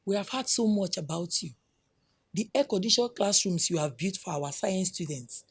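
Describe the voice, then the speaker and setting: An actress playing a grateful hospital director, speaking with a Nigerian accent. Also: female voice, mid-range voice, normal speed, slightly rough. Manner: grateful and pleading. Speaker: medical director.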